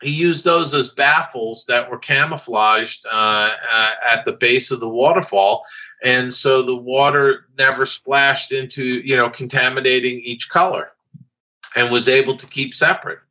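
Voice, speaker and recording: A man, a guest on an interview podcast, telling stories from his career in a halting way, with many fillers and restarts. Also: mid-range voice, fairly even intonation, sharp tone. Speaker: guest, former studio artist. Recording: dull lo-fi audio.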